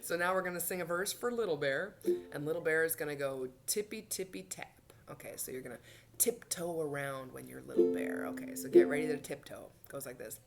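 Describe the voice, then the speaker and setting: A woman runs a toddler story time, talking playfully, singing bouncy verses and slipping into whispers. Her voice is low-pitched and brisk, with music in the background.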